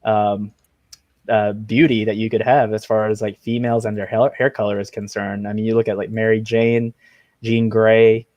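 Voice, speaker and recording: A man's voice: fairly low pitch, level tone, moderate pace, darkish tone, no room sound, highs cut off. A man in a casual online group chat, talking in a laid-back way with lots of "um" and "like". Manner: laid-back, filler-heavy musing. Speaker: comic artist guest.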